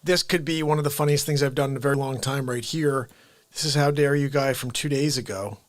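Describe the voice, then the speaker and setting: A man hosting a casual livestream, talking rapidly and excitedly and reacting to viewers' chat messages. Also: medium pitch, dry recording. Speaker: livestream host.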